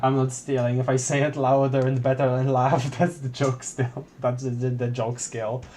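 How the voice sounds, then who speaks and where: A man's voice: mid-range voice, level tone, moderate pace, darkish tone, a little hiss or hum. A man streaming a video game, chatting playfully, laughing often and stumbling over his words. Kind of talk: let's play commentary.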